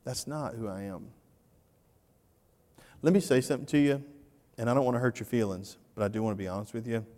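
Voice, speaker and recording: A man preaching a sermon as pastor, animated, swinging from loud to hushed and repeating his phrases. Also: mid-range voice, rapid-fire. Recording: reverberant church hall.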